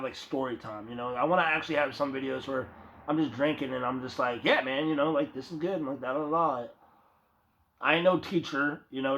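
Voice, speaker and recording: A young vlogger with a mid-range, slightly bright voice rambles loosely to his viewers, cursing, using slang and calling them "bro." It's recorded on a phone, so the audio is dull and lo-fi.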